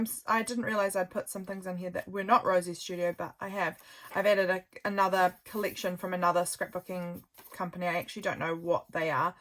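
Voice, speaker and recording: A woman, a journal maker, chatting casually while showing her work, gushing and a little tired. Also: medium pitch. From New Zealand. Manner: chatty, gushing, softly rambling. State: tired, yawning. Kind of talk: casual craft show-and-tell.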